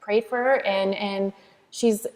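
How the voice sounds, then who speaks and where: A woman's voice: medium pitch, fairly even intonation, slow, a little mellow. A woman giving an earnest, emphatic faith testimony as an interview guest, often restarting her sentences. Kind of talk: heartfelt faith testimony in conversation. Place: church. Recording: echoey hall reverb.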